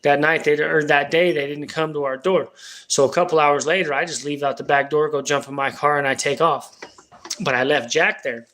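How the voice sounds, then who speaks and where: A man spinning a long personal story on a livestream, casual and rambling. His talk is full of slang and swearing, with a voice on the higher side for a man. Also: steady tone, moderate pace, sharp tone. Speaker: livestream host.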